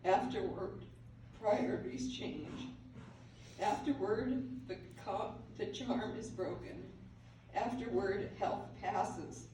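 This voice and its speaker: An older woman giving a heartfelt memorial speech, halting and emotional, laughing through tears. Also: medium pitch, mellow. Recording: echoey hall from far off, with noise.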